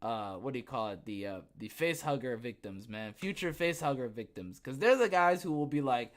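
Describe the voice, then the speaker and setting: A man's voice: mid-range voice, lively intonation, normal speed. A young adult man hosting a podcast, reading news aloud and breaking off into sarcastic asides, with many fillers and restarts. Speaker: podcast host.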